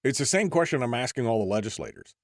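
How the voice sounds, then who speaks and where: A man's voice: mid-range voice, lively intonation, fast talker, dry recording. Frustrated male talk-show host, dry sound. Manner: frustrated, conversational, leans on "I mean". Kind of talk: radio talk-show conversation.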